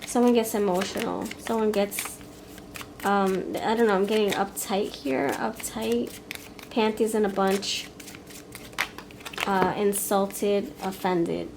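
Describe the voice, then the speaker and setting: A woman reads tarot in a loose, rambling way, thinking out loud and restarting her sentences, blunt when she gets frustrated. Her voice sits at a middle pitch for a woman. Clear background noise and the rustle of cards run under the home recording. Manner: rambling, frank, thinks aloud with fillers and restarts. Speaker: tarot reader. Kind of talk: pick-a-card tarot reading.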